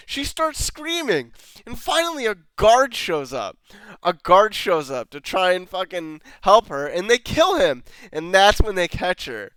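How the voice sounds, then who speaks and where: A man ranting through a show review, sarcastic and exasperated, cursing freely. His voice is fairly high and swings widely in pitch, smooth and resonant, recorded dry and close. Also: big pitch swings, unhurried, sharp tone, dry recording. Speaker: video reviewer.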